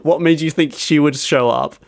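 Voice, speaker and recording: A man's voice: on the high side, steady tone, moderate pace, gravelly, dry recording, clean studio sound. A man on a podcast telling a story, acting out quotes as he goes. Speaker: podcast co-host. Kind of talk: casual chat.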